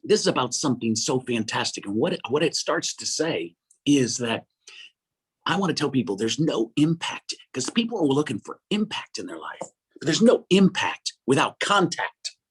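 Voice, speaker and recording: A middle-aged man, an interview guest, tells a story in an animated, earnest way, acting out dialogue and often repeating "I said.". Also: medium pitch, normal speed, husky. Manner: earnest, preacher-like. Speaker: guest speaker.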